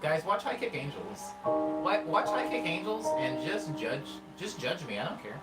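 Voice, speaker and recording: A man's voice: on the high side, big pitch swings, roomy sound, distant mic, poor audio. A man hosting a casual music livestream, chatting and reading viewer comments in a rambling way. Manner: rambling, chatty, quick asides.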